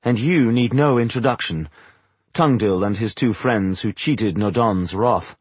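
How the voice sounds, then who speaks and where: A man voicing a stern, commanding woman mage in an audiobook, speaking grimly and forcefully. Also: fairly low pitch, measured pace, breathy edge, no echo. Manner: grim, clipped, forceful.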